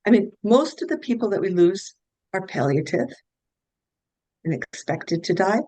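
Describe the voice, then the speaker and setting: A woman's voice: medium pitch, animated, normal speed, mellow, no room sound, rough recording. A middle-aged woman, a guest health practitioner, telling case stories in an earnest, anecdotal way and restarting her sentences often. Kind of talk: conversational interview storytelling.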